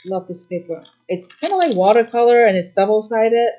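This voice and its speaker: A middle-aged woman runs a live craft demo, chatting quickly about the products in front of her. She talks in fast, eager bursts, trailing into fillers and restarts as she explains how each item works. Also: medium pitch, expressive, mellow, slight background noise. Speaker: craft shop host.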